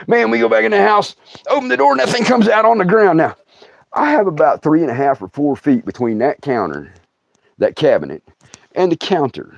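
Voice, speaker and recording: A middle-aged man telling stories on a livestream in a casual, animated way, laughing often and acting out other people's voices. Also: high voice, fairly quick, vocal fry, no echo, muffled recording. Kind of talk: casual storytelling.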